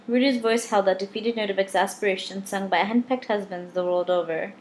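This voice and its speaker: A woman's voice: mid-range voice, level tone, fast, hardly any pauses, darkish tone. A woman reading a novel aloud in first person, with a wry, dry delivery. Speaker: audiobook reader.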